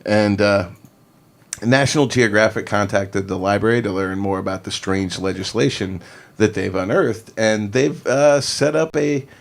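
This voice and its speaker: A man's voice: fairly low pitch, unhurried, gravelly. A man hosting a casual talk show, dry and easygoing, reading out quiz questions. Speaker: host. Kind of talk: casual chat.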